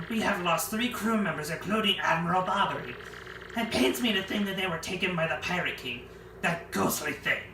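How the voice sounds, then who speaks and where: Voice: medium pitch, echoey room, far from the mic, background noise. A player doing a pompous dramatic ship owner. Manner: theatrical, grandiose, commanding. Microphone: phone.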